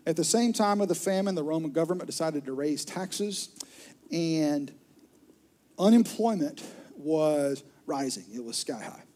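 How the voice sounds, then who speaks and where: High-voiced pastor preaching with animation. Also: male voice, unhurried, slight background noise. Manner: lively, acts out voices of people in his stories. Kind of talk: sermon. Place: church auditorium with a live audience.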